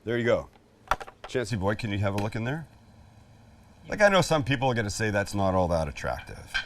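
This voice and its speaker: A man's voice: lowish voice, sing-song, fairly quick, distant mic, slight background noise. A man hosting a live cooking demonstration, chatty and jokey, poking fun at himself. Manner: jokey, chatty, self-deprecating. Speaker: cooking show host.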